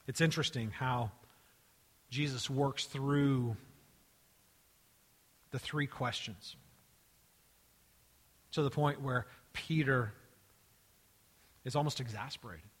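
A man preaching a sermon, acting out the dialogue of the story in lively voices and dropping into hushed, quiet tones. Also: mid-range voice, breathy edge, big-room sound. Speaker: pastor.

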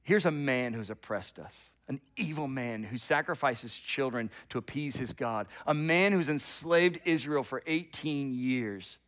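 A middle-aged man preaching a sermon as pastor, telling the story with animation, rising loud and dropping to a hush, often repeating words as he starts a thought. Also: mid-range voice, unhurried, hardly any pauses.

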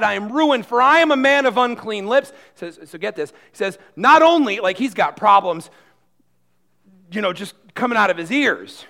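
Guy preaching, high voice, goes from soft to real loud, says things twice. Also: lively intonation, normal speed, vocal fry. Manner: swings between quiet asides and loud emphatic passages; repeats and restarts words when worked up. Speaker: pastor. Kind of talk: sermon.

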